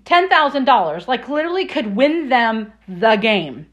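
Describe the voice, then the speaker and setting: High-voiced animated woman podcast host. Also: moderate pace. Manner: animated storyteller, laughs a lot. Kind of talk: casual podcast chat.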